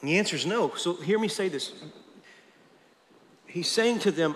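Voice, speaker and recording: A man with a high voice preaches to his church, emphatic and insistent, doubling back on words as he drives a point home. His voice rings out with a long reverb through a large sanctuary. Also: animated, a little slow, pauses often, fairly bright tone, a little hiss or hum. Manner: emphatic, repeats words when stressing a point. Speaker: pastor. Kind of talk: sermon.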